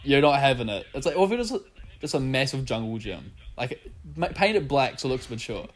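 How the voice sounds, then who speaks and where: A man's voice: mid-range voice, sing-song, a little fast. A young New man hosting a podcast, chatting loosely and giggling as he goes. He swears freely and reads online comments aloud in a loose, joking way. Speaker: podcast host. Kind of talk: casual podcast chat.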